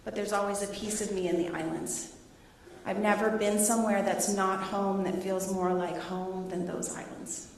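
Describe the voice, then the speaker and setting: A middle-aged woman, a teacher, presenting her research to students and taking questions in a lively, laughing way. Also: medium pitch, normal speed, gravelly. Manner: animated, laughing storyteller. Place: large echoey hall. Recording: echoey hall, voice from a distance.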